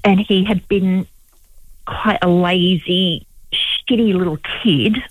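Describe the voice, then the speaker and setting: Female Aussie in her forties, lowish and blunt, dry sound. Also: slow, dry recording, rough recording. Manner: frank, storytelling. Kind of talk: telling a story.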